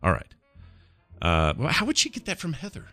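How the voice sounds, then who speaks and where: A man's voice: mid-range voice, huge pitch swings, normal speed, sharp tone, faint music behind. A man co-hosting a podcast, telling rambling, jokey stories full of fillers. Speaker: podcast co-host. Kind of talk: casual chat.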